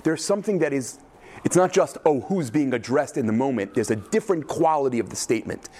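A man teaching a class on biblical texts, talking with an animated, questioning manner and often checking in with "right?". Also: mid-range voice, fairly quick. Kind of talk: lecture with class discussion.

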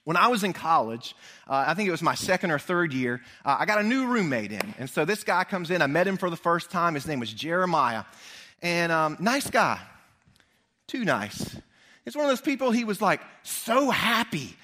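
A male pastor delivers his sermon with a high, ringing voice. He tells stories with plenty of animation and talks straight to his congregation. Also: big pitch swings, moderate pace, bright, forceful tone.

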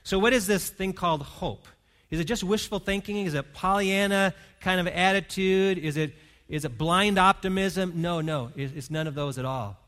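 A man's voice: high voice, moderate pace, a bit bright. A man preaching a sermon as pastor, earnest and pastoral, leading his congregation in prayer and reading. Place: church hall.

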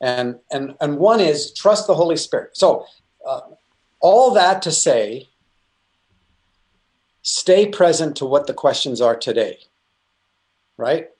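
A man's voice: on the high side, animated, slow, pauses often, darkish tone. A middle-aged man teaching about faith in an earnest, conversational way, full of restarts and asides. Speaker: Christian speaker.

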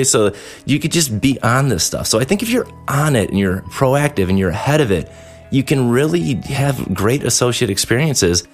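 Male host, 30s, low and expressive, chatty mentor tone over light background music. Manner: animated, conversational, acts out quick quoted asides. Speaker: dental practice owner and podcast host. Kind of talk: casual advice monologue.

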